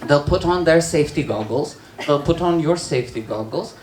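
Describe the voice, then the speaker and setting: A trans woman performing a stand-up comedy set in a bar, telling stories with deadpan asides. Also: sits low, fairly quick, slight background noise. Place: bar with live audience. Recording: roomy bar recording with crowd laughter.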